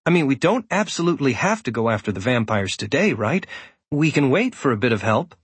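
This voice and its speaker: A man's voice: medium pitch, big pitch swings, brisk, husky, no echo. A man voicing a practical, curious young woman druid who asks reasoning questions.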